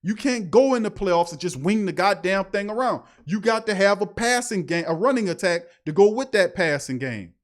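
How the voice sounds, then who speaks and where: A man with a fairly high voice hosts a live-streamed sports talk show. He reads viewers' chat messages aloud and rants at length, emphatic and full of street slang. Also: animated, moderate pace, few pauses. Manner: fired-up, ranting, slangy and emphatic.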